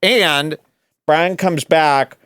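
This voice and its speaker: A man's voice: on the high side, extremely slow, fairly bright tone, clean tone, no room sound, studio quality. A man hosting a podcast, giving sarcastic, rambling, jokey commentary on a video clip. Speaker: podcast host.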